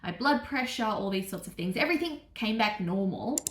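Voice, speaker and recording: A woman's voice: mid-range voice, brisk, slight background noise. Chatty young woman, echoey room. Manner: chatty, animated, acts out quotes, many fillers. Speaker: vlogger. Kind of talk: storytelling to camera.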